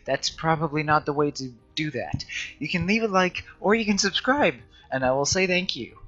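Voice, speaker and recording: Casting: male gamer, rambling self-deprecating commentary, bright voice, unhurried delivery, faint music behind. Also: fairly high pitch, lively intonation, dull audio. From United States. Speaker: gaming channel host. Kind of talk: let's play commentary.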